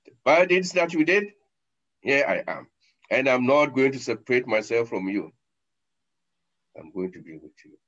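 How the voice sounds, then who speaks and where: A man's voice: medium pitch, big pitch swings, moderate pace, long pauses, fairly bright tone. A man playing the stinking spirit of bad deeds. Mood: menacing. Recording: dull lo-fi recording.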